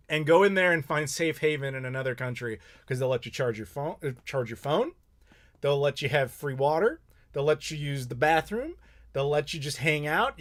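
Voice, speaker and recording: An American man from Chicago hosting a casual live chat, telling rambling, animated stories with laughs and the odd swear. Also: fairly high pitch. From Chicago, United States. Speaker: YouTube host answering live questions.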